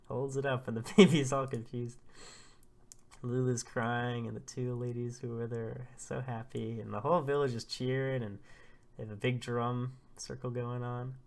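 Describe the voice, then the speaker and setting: A man hosting a casual manga read-through, excitable and laughing as he retells the chapter. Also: mid-range voice.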